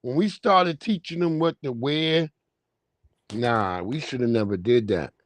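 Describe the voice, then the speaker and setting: A man's voice: mid-range voice, measured pace, no room sound. A man hosting a live stream, giving loose, profane, slangy commentary on video clips.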